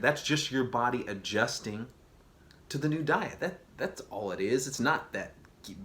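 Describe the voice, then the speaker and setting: A man vlogs in a loose, energetic way, full of slang and emphatic repeats. His pitch sits in an ordinary middle range for a man. He often slows down to stress his points. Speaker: vlogger. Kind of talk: casual direct-to-camera talk.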